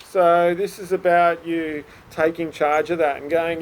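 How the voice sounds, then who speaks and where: A man talks to his viewers in a relaxed, encouraging way, slipping into little acted bits of self-talk. His voice sits a little high for a man. A faint background hiss runs under the recording. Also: a little slow, few pauses, low-quality recording. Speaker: psychic reader. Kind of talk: casual spoken reading to camera.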